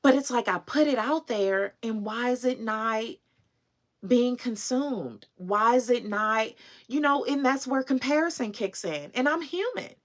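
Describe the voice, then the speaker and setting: A woman's voice: a little high, animated, normal speed. A woman vlogger telling a heartfelt story on a livestream, earnest and emotional, breaking into laughs and chatting with viewers. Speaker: fashion and consignment vlogger.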